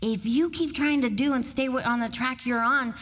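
Middle-aged woman giving an animated motivational talk on stage, telling stories, laughs a lot. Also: sits high, moderate pace. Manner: storytelling, animated, laughs often. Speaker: motivational speaker.

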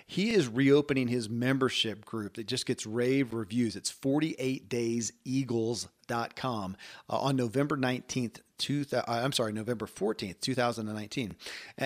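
A man in his forties hosting a podcast, talking in an earnest, conversational way with frequent restarts. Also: medium pitch. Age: 40s. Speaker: podcast host. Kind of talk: podcast monologue and interview.

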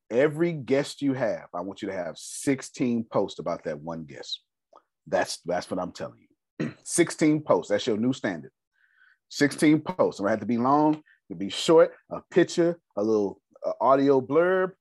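A man hosting a group call as a business coach, animated, laughing often and repeating his key points. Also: medium pitch, husky, no room sound, studio quality.

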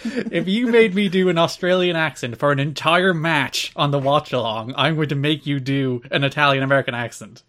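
A man's voice: a little high, fairly quick, fairly bright tone. A man co-hosting a podcast in casual chat, teasing his co-host with dry banter.

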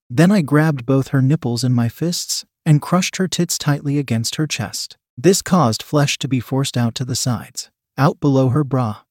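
A man reading an erotic story as narrator in a steady, even voice. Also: mid-range voice, no echo, studio quality.

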